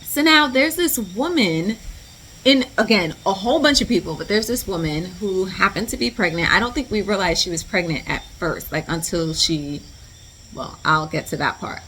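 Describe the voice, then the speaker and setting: A woman vlogger tells a storytime in a chatty, animated way, her voice at a middle pitch for a woman. She talks in slang, drops "like" everywhere, and turns to the viewer with asides. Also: normal speed, slight background noise. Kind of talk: storytime vlog.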